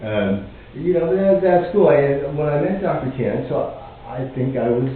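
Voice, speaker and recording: A man casually tells a personal story to a camera, pausing often with fillers and restarts. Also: a little high, animated. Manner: halting, many fillers and restarts. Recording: echoey, distant, phone-like lo-fi with faint noise.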